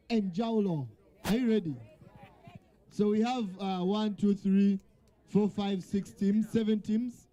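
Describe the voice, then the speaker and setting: A man's voice: sits high, fairly even intonation, takes it slowly, dark tone, muffled recording. A man hosting a live quiz night, calling out to the crowd and joking with the teams. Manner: calls out to the crowd and jokes with teams. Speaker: event host. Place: event venue with a crowd.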